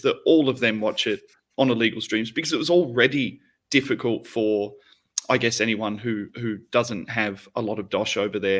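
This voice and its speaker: A man's voice: lowish voice, fairly bright tone. A man from England co-hosting a football podcast, giving emphatic, sweary opinions in casual chat. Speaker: podcast co-host.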